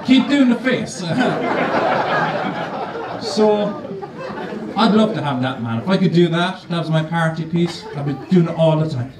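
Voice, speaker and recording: A man's voice: fairly high pitch, a little slow, long pauses, a loud crowd. A man telling a comic story on stage in a casual, swearing, conversational way. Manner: swearing, conversational, animated storytelling with a live audience laughing. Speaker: stand-up comedian. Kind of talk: stand-up storytelling. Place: stage in a comedy venue, before an audience. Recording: echoey live venue, voice from far off, audible audience noise.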